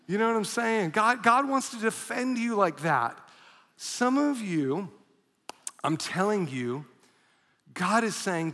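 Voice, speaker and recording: A male pastor preaching a sermon as an animated storyteller who bursts into shouts. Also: high-pitched, takes it slowly, long pauses, in a large hall. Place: church auditorium.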